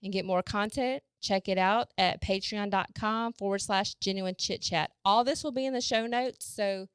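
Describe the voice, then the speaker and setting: A woman's voice: medium pitch, clear, resonant tone, no room sound, clean studio sound. A woman with a Southern American accent, a podcast host reading an episode intro and spelling out web addresses. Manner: reads out links and spells web addresses slowly.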